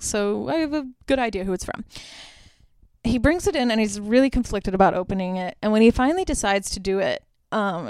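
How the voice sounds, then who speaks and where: A woman's voice: medium pitch, a little mellow, smooth, no echo, studio quality. A young woman hosting a podcast, casually retelling a film plot with many filler words and quoted lines. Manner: chatty, lots of "like" fillers; quotes characters in her own voice. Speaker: podcast host.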